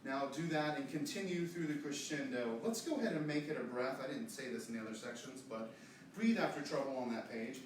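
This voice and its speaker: Brisk male choir director, echoey room. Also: medium pitch, slight background noise. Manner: brisk, coaching, demonstrates phrases by voice. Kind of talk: choir rehearsal instruction. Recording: echoey room, distant mic, choir and piano.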